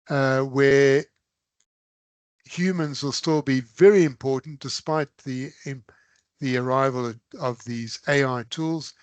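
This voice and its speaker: A man's voice: medium pitch, no room sound. A man presenting a live online engineering webinar, chatty and loose, with sudden emphatic bursts.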